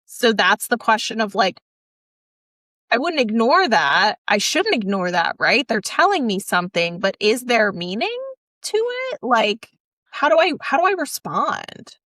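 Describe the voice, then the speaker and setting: Bright-voiced, eager woman podcast co-host. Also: on the high side, measured pace, no room sound, clean studio sound. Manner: eager, questioning, animated. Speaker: podcast co-host, autism support worker. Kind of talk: casual podcast conversation.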